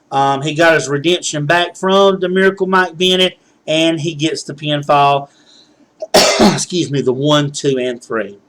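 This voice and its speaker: A man hosting a wrestling results show, recapping matches in a casual, rambling way with many fillers and restarts. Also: fairly high pitch.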